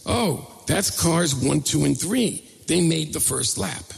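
Man playing a gravelly, pushy race coach in a reverberant hall. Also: fairly high pitch, animated, slow pace, voice pushed up, heavily acted. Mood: explaining. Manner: instructing, reassuring. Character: calm adult male race coach guiding by voice.

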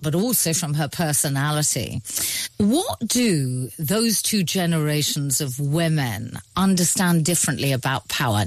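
A woman's voice: low-pitched, no room sound. A woman interviewer asking prepared, articulate questions about a film. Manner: articulate, with lively intonation.

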